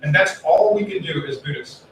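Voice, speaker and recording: A man giving a relaxed, conversational Buddhist sermon, telling a story and acting out the people in it. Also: on the high side, normal speed. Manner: chatty, acts out quoted voices, swears casually. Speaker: Buddhist minister. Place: temple hall. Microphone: distant room mic. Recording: very echoey hall, from far off, faint room noise.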